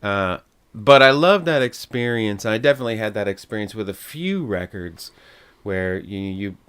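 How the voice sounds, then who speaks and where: A podcast host with a lowish voice speaks in a relaxed, reflective way. He often chimes in with short agreements as he talks. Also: moderate pace, clean tone. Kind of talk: casual chat.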